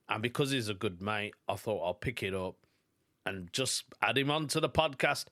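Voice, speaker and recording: A man's voice: medium pitch, a bit bright. A British man hosting a solo podcast, rambling through casual anecdotes and acting out quoted voices. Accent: British English. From United Kingdom. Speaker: podcast host.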